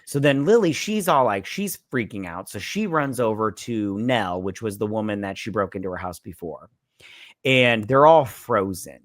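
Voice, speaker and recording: Animated man retelling a movie. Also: on the low side, normal speed, no echo, studio quality. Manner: rambling, acts out scenes in quoted voices. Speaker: podcast co-host. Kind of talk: casual movie review chat.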